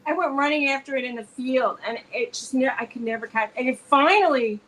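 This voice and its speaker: A woman's voice: sits high, a little fast, fairly bright tone, low-quality recording. A woman co-hosting a casual chat between friends, telling rambling stories full of restarts. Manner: rambling storyteller, restarts often. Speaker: co-host.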